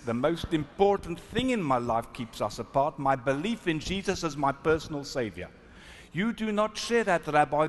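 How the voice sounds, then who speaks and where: A man's voice: a little high, a bit bright. A man voicing a stern Afrikaner male minister with a South African accent, blunt and solemn, in a hall with a long echo. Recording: echoey hall, faint noise.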